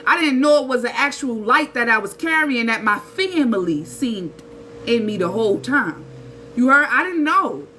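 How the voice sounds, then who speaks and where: Black woman in her 30s preaching spiritual stuff casual, high bright voice, slangy, little hiss behind. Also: normal speed, rough recording. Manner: animated, preachy, street slang, rhetorical asides. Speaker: spiritual channel host. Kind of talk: casual spiritual talk to camera.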